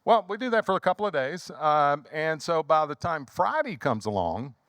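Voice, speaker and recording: A Louisiana man in his thirties, a funeral home owner appearing as a guest, tells a story in a casual chat with a Southern accent. His voice sits on the high side at a moderate pace, and he animatedly acts out quotes, recorded clean in a studio with no echo.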